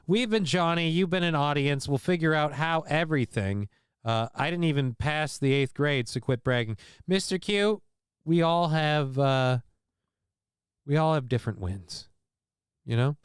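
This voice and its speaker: A male livestream host talks through clips in a rambling, crude, self-deprecating way. His voice is smooth and clear and sits a little high. The sound is dry and close, as if he is speaking straight into the mic. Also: no room sound. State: unwell after vomiting. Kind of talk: casual live commentary.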